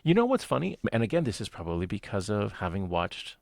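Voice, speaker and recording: A man co-hosting a casual movie podcast, talking in animated bursts and laughing often. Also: on the low side, quick pace, vocal fry, slight background noise. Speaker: podcast co-host.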